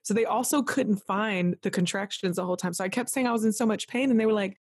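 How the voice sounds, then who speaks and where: A woman guest on a podcast telling an emotional personal story in a lively, rambling way, full of "like", acting out what others said. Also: medium pitch, quick pace, breathy edge, no room sound, clean studio sound. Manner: animated, full of "like", acts out quoted voices. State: tearful at moments.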